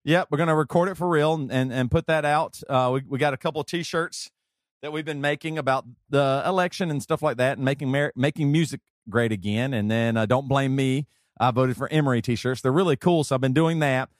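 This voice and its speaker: A man with a Southern accent hosting a podcast, talking in a rambling, excitable way and laughing often. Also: mid-range voice, a little fast, no echo, clean studio sound. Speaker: podcast host. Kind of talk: casual chat.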